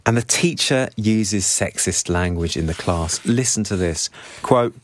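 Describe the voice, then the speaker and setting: A man's voice: low voice, measured pace, a little hiss or hum. A man summarizing a novel chapter by chapter, with earnest, sympathetic asides. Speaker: book reviewer. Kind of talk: book summary talk.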